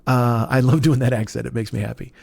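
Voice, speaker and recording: A man's voice: mid-range voice, level tone, fast talker, vocal fry, a little mellow, dry recording. A man in his fifties hosting a comedy podcast, rambling in a profane, self-deprecating monologue. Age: 50s. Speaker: podcast host.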